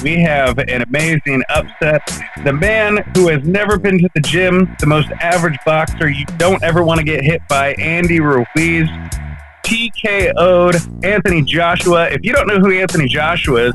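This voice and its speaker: A man co-hosting a podcast who jokes around and introduces each segment in casual talk. His voice sits a little high for a man. Music plays clearly in the background. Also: rough recording. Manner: joking, laughs often, announces segments. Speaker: podcast co-host.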